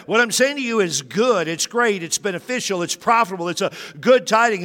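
Animated preaching man in a reverberant hall. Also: sits high, normal speed, few pauses. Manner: animated, jokey preaching with rising emphatic bursts. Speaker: pastor. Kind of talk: sermon.

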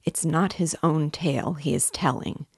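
A woman reading the part of an excitable male police investigator, hurried and emphatic. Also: low voice, gravelly, husky, no room sound, studio quality, heavily acted. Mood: excited. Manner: hurried, emphatic, louder than the narration.

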